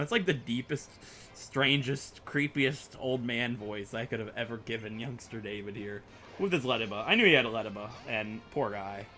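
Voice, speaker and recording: A man's voice: mid-range voice, moderate pace, pushed and bright, soft background music. A young man rambling through let's play commentary, chatty and self-mocking as he plays. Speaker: gaming YouTuber.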